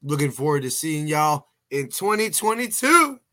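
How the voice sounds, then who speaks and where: A man's voice: fairly high pitch, sing-song, normal speed, noisy background. A man hosting a casual sports podcast, chatty and folksy, often restarting his sentences and sounding a bit tired. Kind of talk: casual sports talk show.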